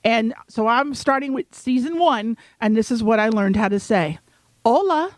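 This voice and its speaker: A woman co-hosts a casual podcast, gushing with enthusiasm and giggling often. Her voice is a little high, and the dry close mic leaves no room sound. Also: normal speed, no room sound. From Puerto Rican from New York. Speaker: podcast co-host. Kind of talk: casual chat.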